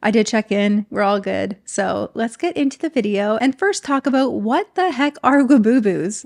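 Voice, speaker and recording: Woman, vlog host, casual commentary, talks directly to viewers, slightly high voice. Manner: chatty, direct address to viewers. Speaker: video essay host.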